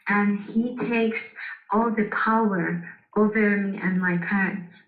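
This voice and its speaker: A woman's voice: mid-range voice, steady tone, takes it slowly, roomy sound. Hesitant woman on a tinny phone line. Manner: quiet, hesitant, mostly brief agreement. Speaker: caller. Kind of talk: live call, casual chat.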